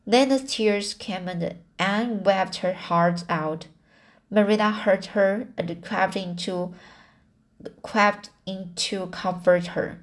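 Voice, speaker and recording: A woman narrates a classic novel as an audiobook. She reads at a very slow, deliberate pace and often stops to restart or fix a word. Her voice sits in a middle range. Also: mid-range voice, fairly even intonation. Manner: slow, with frequent restarts and self-corrections. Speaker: audiobook reader.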